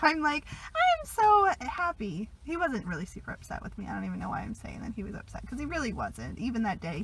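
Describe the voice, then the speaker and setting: A young woman vlogging casually while sick, chatty, laughing often and trailing into soft asides. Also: mid-range voice, background noise. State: sick, a bit congested. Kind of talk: casual confessional vlog.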